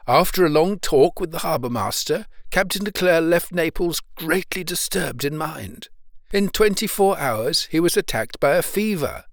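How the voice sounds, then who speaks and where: A man voicing an earnest young sailor who speaks in a steady, grave, respectful way. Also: a little high, moderate pace, no echo, clean studio sound, pitched above the performer's own voice. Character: earnest young male sailor, calm and resolute.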